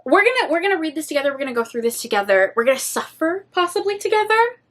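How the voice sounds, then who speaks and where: A young woman chatting casually in a reading vlog, dramatic and animated, swearing freely. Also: sits high, quick pace. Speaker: book vlogger.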